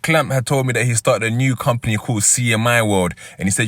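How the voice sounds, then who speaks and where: A London man in his thirties recounts his life story in a relaxed, chatty way, often pausing to check in with the listener. His voice sits in a middle range and the recording is dry and close, with no room sound. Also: medium pitch, dry recording. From East London. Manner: conversational, checks in with "yeah?". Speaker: storyteller and football club founder. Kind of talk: first-person storytelling.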